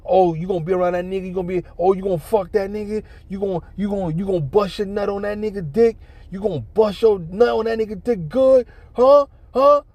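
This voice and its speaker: Man putting on a shrill jealous raging boyfriend. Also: fast, darkish tone, no room sound, close to an everyday voice. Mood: taunting rage. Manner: shrill, taunting, repetitive. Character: jealous, raging man hurling insults at his girlfriend.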